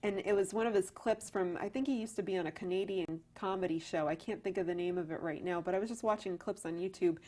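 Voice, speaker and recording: A woman actress and playwright, a guest on an interview show, telling lively stories with many restarts. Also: medium pitch, fast talker, few pauses. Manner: animated storyteller, many restarts. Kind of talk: casual interview chat.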